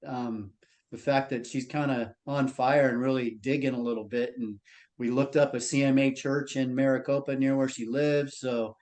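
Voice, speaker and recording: A man reflecting on a mission trip in a casual interview, halting and full of fillers. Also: medium pitch, fairly even intonation, a little mellow. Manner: halting, many fillers and restarts.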